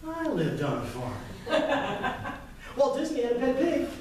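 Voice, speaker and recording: High-voiced man telling a story in an echoey room. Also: slow pace, slight background noise. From Kentucky, US. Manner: lively, plays out dialogue. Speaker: entrepreneur presenter. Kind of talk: storytelling pitch talk. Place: live event room, indoors. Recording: echoey room, mic far off.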